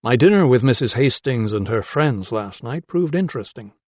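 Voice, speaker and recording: A man's voice: mid-range voice, lively intonation, no room sound, lightly acted. Man doing an earnest, respectful young anatomist. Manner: polite, measured replies.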